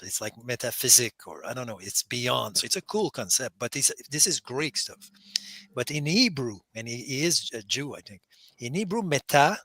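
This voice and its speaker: A man in a casual discussion, explaining Hebrew scripture in an animated way with frequent restarts. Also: medium pitch.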